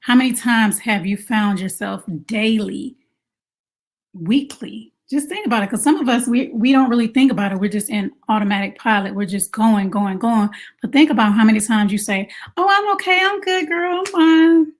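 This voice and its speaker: A woman coaching mothers in a casual advice talk, conversational and animated, asking rhetorical questions. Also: medium pitch, moderate pace. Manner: animated, acts out quoted moms in exaggerated voices. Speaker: self-care coach for mothers.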